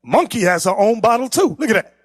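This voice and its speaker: A man teaching a class from pictures, animated and teasing, who laughs often and talks straight to the room. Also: high-pitched, quick pace, dry recording. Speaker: class instructor. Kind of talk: lively classroom lecture with pictures.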